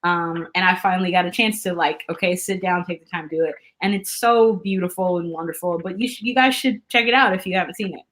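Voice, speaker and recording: A woman's voice: lowish voice, fast, hardly any pauses, a bit bright. Bubbly woman guest chatting. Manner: bubbly, lots of "like" and "um" fillers. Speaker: actress guest. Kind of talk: casual chat.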